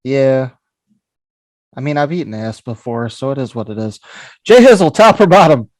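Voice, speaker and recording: A man's voice: mid-range voice, expressive, moderate pace, dry recording. A man co-hosting a comedy podcast, reading out crude would-you-rather questions in blunt, casual banter.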